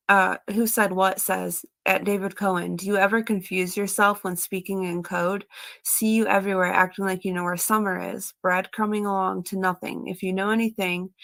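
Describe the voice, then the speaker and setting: A woman's voice: mid-range voice, creaky, a bit bright, no room sound. A woman reading out online comments and her replies in a casual, matter-of-fact way. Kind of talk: casual reading of chat messages aloud.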